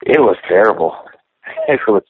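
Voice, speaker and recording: A man, a professional fighter, telling stories in a relaxed, casual interview. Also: on the low side, moderate pace, husky, dry recording. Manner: relaxed storyteller acting out quotes. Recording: tinny phone line.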